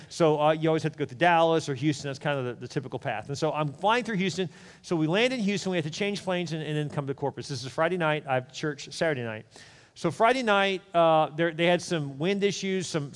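A male pastor tells a story from the pulpit at a rapid clip, his voice sitting a little high for a man. He talks candidly and chattily, throwing quick asides to the congregation. The sound rings out with the long reverb of a church hall. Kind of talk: storytelling sermon.

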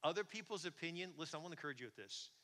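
A man preaching a sermon in a conversational, animated way, often asking the congregation questions. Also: a little high, rapid-fire. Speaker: pastor. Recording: long hall reverb.

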